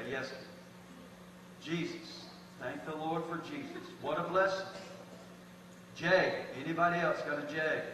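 Folksy pastor in echoey hall. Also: male voice, on the high side, bright, forceful tone. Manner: folksy, preaching with rising emphatic bursts. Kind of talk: sermon. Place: church sanctuary. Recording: echoey hall from far off, noisy.

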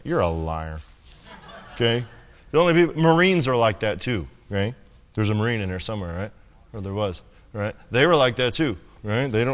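A man's voice: on the low side, lively intonation, brisk, pauses often, big-room sound. A young man preaching a sermon in a conversational, joking way, often asking "right?". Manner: conversational, jokey preaching with many "right?" asides. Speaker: pastor.

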